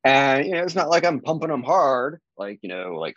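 A man's voice: normal speed, hardly any pauses, no room sound, dull audio. A man, a real estate agent, talking casually in an interview, rambling with many fillers. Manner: rambling, many fillers, lively swings in pitch.

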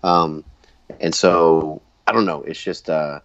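A man's voice: rumbling low, steady tone, slow, fairly bright tone, dry recording. A man casually recapping wrestling episodes, laughing often and acting out quoted lines. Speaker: podcast host. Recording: dull, dry lo-fi sound.

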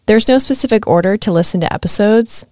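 A woman hosting a podcast, reading a scripted intro in a measured, wry way. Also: medium pitch, dark tone, no room sound, clean studio sound. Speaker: podcast host.

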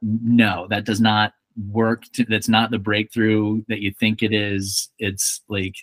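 A man's voice: lowish voice, monotone, slow, no echo. A young adult man hosting a podcast, chatting casually and joking as he acts out little quotes. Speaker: podcast host. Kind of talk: casual chat.

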